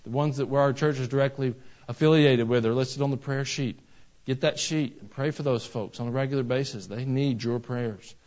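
A man preaching a sermon in a church, telling folksy stories and rising to loud, emphatic bursts. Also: mid-range voice. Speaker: pastor. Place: church sanctuary. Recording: slightly dull lo-fi sound.

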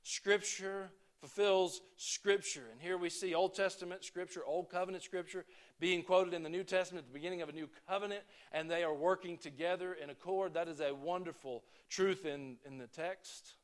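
A man preaching a sermon to his congregation, talking in a conversational way that swings between emphatic points and quiet asides. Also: high voice, fairly even intonation, a little fast. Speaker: pastor.

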